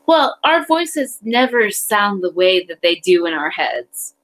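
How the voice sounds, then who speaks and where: An adult woman chats on a home stream, blunt and plainspoken. She offers reassurance in a matter-of-fact way. Her voice sits at an ordinary middle pitch. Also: big pitch swings, slow, a bit bright, rough recording. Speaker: guest in the stream. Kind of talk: casual chat.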